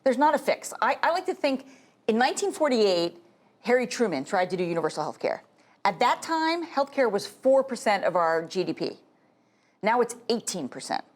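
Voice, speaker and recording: A middle-aged woman, a health policy expert, explaining things in a measured way as a guest on a TV interview show. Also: fairly high pitch, big pitch swings.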